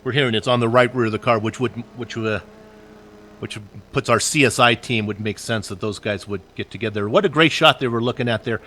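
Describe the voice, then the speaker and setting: A man's voice: mid-range voice, a little fast, pushed and bright, a little hiss or hum. A man doing casual, joking color commentary on a sim race, chatty and full of asides.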